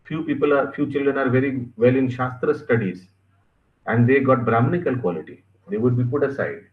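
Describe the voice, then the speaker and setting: Animated Indian English teacher, tinny echo. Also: male voice, mid-range voice, brisk. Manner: animated, stresses words, acts out examples, mixes in Hindi. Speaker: class teacher. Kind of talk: classroom scripture lesson.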